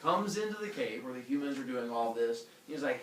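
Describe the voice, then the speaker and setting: A man teaching a class, retelling a myth with lively acted-out character voices. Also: mid-range voice, fairly quick, few pauses, slight background noise. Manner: animated, acts out characters with silly voices. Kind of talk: storytelling lesson to students. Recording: echoey room from far off.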